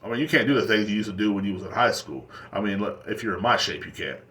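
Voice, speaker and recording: On his own podcast, this young man rambles through crude stories, cracking himself up along the way. His voice sits on the low side, fast and sharp-toned.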